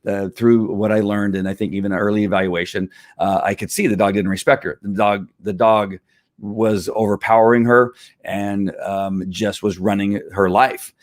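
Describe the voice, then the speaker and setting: A man who trains dogs, answering viewer questions in a rambling, animated way. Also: on the low side, normal speed, dry recording, clean studio sound. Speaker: dog trainer. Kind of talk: casual Q&A talk.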